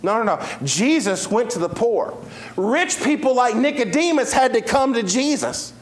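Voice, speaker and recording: A man delivers a sermon in a fairly high voice. He tells Bible stories with lots of energy, swinging between loud, quick passages and quiet, drawn-out ones, like a pastor working his congregation. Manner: animated storytelling preacher, swings from loud to hushed.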